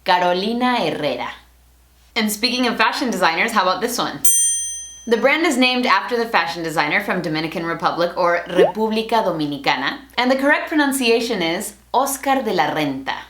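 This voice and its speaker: A young woman teaching pronunciation in a bilingual lesson, speaking with clear, deliberate enunciation. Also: medium pitch, animated, a bit bright, roomy sound, a little hiss or hum. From Latin America. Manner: clear, deliberate enunciation, switching between English and Spanish. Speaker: language teacher.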